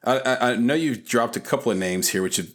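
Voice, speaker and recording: A man's voice: mid-range voice, brisk. A man hosting an interview, asking questions in careful, polite phrasing. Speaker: interview host.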